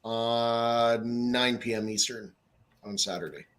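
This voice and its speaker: A man's voice: medium pitch, steady tone, slow, fairly bright tone. A man co-hosting a casual podcast, blunt and swearing casually as he chats. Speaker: podcast co-host.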